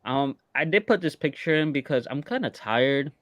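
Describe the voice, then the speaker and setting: A man chats casually as he recaps a reality TV episode with a co-host. He talks in a loose, unhurried way, full of ums and likes. The sound is close and dry, with no room echo. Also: mid-range voice. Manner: relaxed, hesitant, many fillers. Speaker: podcast co-host.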